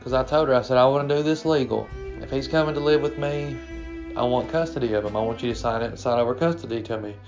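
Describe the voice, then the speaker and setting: A man's voice: medium pitch, quick pace. A man in his thirties from Kentucky, earnestly telling his own personal story and quoting the people involved. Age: 30s. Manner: plain, earnest storytelling with quoted dialogue. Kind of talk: first-person personal story told to camera. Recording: dull lo-fi recording with faint guitar music.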